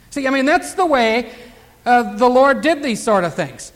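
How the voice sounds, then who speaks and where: A man's voice: very high-pitched, very animated, normal speed. An older man preaching a Bible teaching sermon in a folksy way, full of rhetorical questions and asides as he reads scripture aloud. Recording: long hall reverb.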